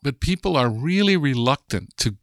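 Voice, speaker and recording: A man's voice: medium pitch, expressive, normal speed, fairly bright tone, no room sound, studio quality. An older American man, a linguist, explaining ideas in a podcast interview, thoughtful and chatty with restarts. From United States. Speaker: linguist guest.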